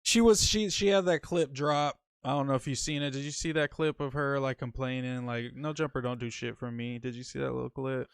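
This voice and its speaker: A laid-back man with a Northern Californian accent, talking slangy banter as a livestream co-host. His voice has a gravelly fry yet stays smooth and resonant. The sound is close and dry. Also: medium pitch, brisk, few pauses, no room sound. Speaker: podcast co-host. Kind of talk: casual livestream chat.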